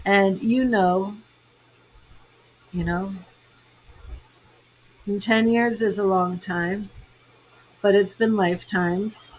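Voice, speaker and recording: A woman who reads tarot and works as a psychic medium chats with viewers on a live stream, emotional and rambling, full of fillers and tearful at times. Her medium-pitched voice is steady, slow, a little mellow and slightly rough, with frequent pauses. The recording is low quality.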